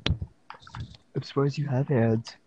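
A teenage guy at a mid-level pitch, chiming in on a friends' podcast with dry wisecracks. There's a faint background hiss. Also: steady tone, slow pace, highs cut off. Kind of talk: casual chat.

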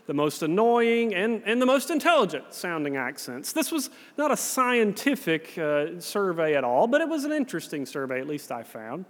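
A man's voice: high-pitched, fairly bright tone. A man with a Southern US accent preaching a sermon in a conversational, storytelling manner in a church sanctuary. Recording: long reverb in a large hall.

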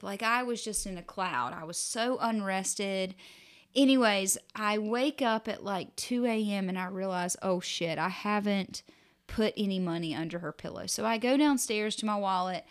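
A woman in her thirties co-hosting a podcast, telling family stories in casual chat and acting out what people said. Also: medium pitch. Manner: animated storytelling, acts out quotes. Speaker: podcast co-host.

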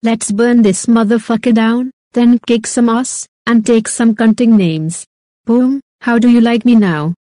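A woman's voice: a little high, fairly even intonation, unhurried, dark tone, no room sound. Brash foul-mouthed woman announcer. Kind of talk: crude comic sponsor intro.

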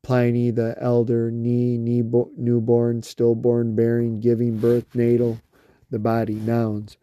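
Flat, slow man reading a word list. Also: mid-range voice, dry recording. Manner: flat steady list reading with slips and restarts. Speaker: reader.

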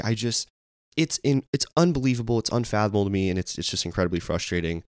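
A man with a fairly low voice talks on a casual sports podcast. He sounds exasperated and piles up rhetorical questions. The recording is dry and close, with no room echo. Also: lively intonation, quick pace. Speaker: podcast co-host.

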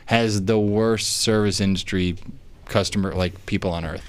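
Lively storytelling man with a low voice. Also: normal speed. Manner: animated storyteller, acts out quotes, swears often. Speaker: podcast co-host. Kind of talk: casual chat.

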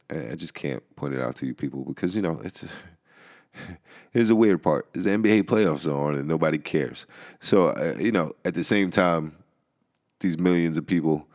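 A man hosting a podcast, ranting casually, laughing often and swearing as he rambles. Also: very deep voice. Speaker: podcast host. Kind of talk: casual rant. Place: New York.

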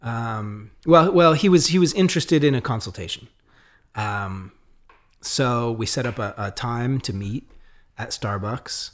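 A man's voice: mid-range voice, unhurried. A man, a podcast guest, telling a story in a casual way, acting out the dialogue of the people in it. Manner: animated, acts out quoted dialogue; frequent fillers and restarts.

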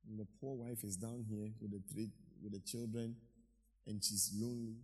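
A male pastor preaching a lively sermon, acting out quotes and pausing for his interpreter. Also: lowish voice, in a large hall. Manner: animated preaching, acts out quotes, pauses for interpreter. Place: church hall.

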